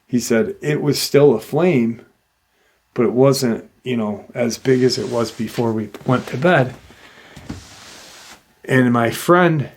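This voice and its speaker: A man's voice: mid-range voice, slow, pauses often. A man hosting a paranormal channel, casually retelling a witness's encounter with loose fillers.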